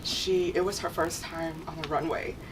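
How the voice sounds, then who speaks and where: A woman who works as a model, telling stories in a lively, laughing way during a casual panel chat. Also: low voice, normal speed. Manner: animated, laughing storyteller. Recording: distant mic, noisy room.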